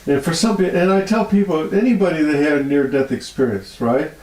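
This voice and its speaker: On a rough recording with a roomy sound, a male healer being interviewed talks a little fast. He's an animated, heartfelt storyteller who laughs often, and his voice shoots up high when he's moved.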